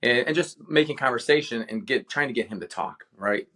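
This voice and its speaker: Man, from Cleveland, retired veteran guest, mid-pitched voice, passionate storytelling. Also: a little fast, pushed and bright. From Cleveland, Ohio, USA. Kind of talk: casual interview storytelling.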